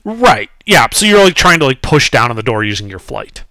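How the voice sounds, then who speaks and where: Bright-voiced casual game master, man. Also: mid-range voice, very animated, a little fast, dry recording. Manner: casual, explains with many fillers. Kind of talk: narrating a tabletop game.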